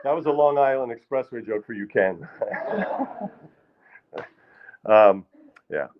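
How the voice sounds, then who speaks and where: A male comedian and actor telling stories on a live stage, rambling with deadpan asides, in a muffled live stage recording. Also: medium pitch, slow, a little hiss or hum. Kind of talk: stand-up storytelling. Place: live stage in a small hall.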